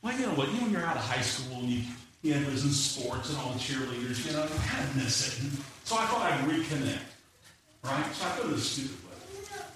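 This sermon comes from a man with a medium-pitched voice and a fairly quick delivery, who animatedly shares personal stories and performs the voices of the characters. It was recorded in a church sanctuary with a distant mic, an echoey hall sound and faint noise.

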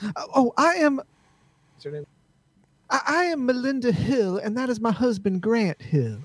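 A man's voice: very high-pitched, very animated, measured pace, breathy edge, no room sound, pitched above the performer's own voice, exaggerated voice. A man voicing a hesitant, stammering townswoman in a tabletop role-play game. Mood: flustered. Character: female townswoman, wife of a clan family.

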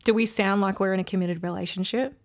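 A woman's voice: medium pitch, fairly even intonation, fast talker. Candid woman hosting a relationship podcast. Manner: candid, reflective, frequent ums. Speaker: podcast host. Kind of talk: casual solo podcast talk.

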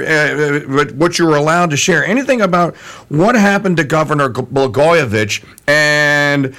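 A man hosting an interview who tells stories in an animated, emphatic way. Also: a little high. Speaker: host. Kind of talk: conversational interview.

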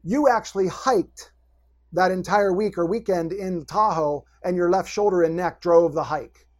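Energetic male posture coach, high voice, instructive, talks the listener through exercises. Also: normal speed. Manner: energetic, instructive, gives step-by-step directions. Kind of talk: coaching guest on a podcast.

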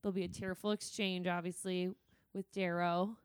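A woman's voice: fairly low pitch, flat delivery, normal speed, clear, resonant tone, dry recording, studio quality. A woman co-hosting a podcast in casual chat, giggly and playful, joking often. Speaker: podcast co-host.

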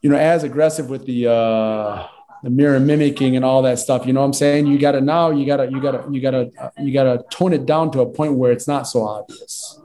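A man's voice: medium pitch, fairly even intonation, a little fast, warm tone, poor audio. A man from Lebanon, a real estate agent and interview guest, telling stories animatedly and acting out dialogue with frequent fillers.

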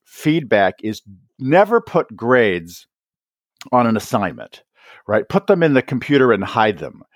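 A man's voice: mid-range voice, no room sound, studio quality. A man being interviewed as an author on teaching, talking conversationally and often checking in with "right?". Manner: animated, acts out quoted voices, frequent "right?" tags. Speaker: author and education guest.

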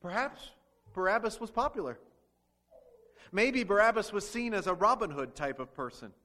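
A man's voice: sits high, lively intonation, normal speed, sharp tone. A man preaching a sermon as pastor, asking the congregation rhetorical questions and acting out quoted speech.

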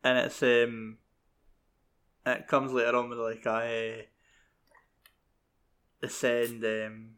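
Male co-host, laid-back and agreeable, middle pitch. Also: monotone, takes it slowly, long pauses, a bit bright. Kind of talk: casual film discussion.

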